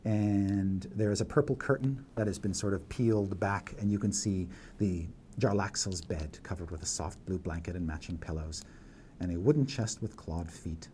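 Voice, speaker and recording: A man's voice: low-pitched, moderate pace, warm tone, slight background noise. A man narrating a tabletop game as dungeon master, setting scenes in detail with frequent fillers.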